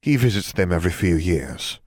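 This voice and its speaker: A man reading as a composed, even-toned mother witch. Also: low-pitched, no room sound, studio quality. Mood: calm. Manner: even, measured tone.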